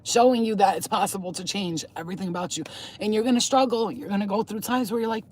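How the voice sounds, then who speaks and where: Husky, blunt, foul-mouthed woman vlogger. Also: on the high side, brisk, a little mellow. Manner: blunt, profane and emphatic; talks straight to the camera, addressing viewers. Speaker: spiritual healer and reader. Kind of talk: casual vlog talk to viewers.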